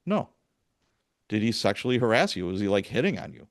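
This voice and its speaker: Middle-aged ex-cop host: deep-ish voice, dry close mic, acts out every quote. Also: male voice, a little fast, no echo. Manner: animated storyteller, acts out quoted dialogue. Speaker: podcast host, retired police sergeant. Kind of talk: casual storytelling interview.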